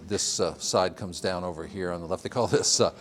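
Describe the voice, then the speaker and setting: A man's voice: deep voice, fairly even intonation, a little fast, a bit bright. An older man from Vermont giving a casual greenhouse tour, rambling with fillers and frequent chuckles. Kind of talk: casual walking-tour interview.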